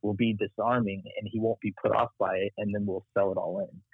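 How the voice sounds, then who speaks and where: Low husky Texas man on a tinny line. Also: a little fast, dry recording. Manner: animated storyteller, acts out quoted voices. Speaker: marketing strategist guest. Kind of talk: casual interview storytelling.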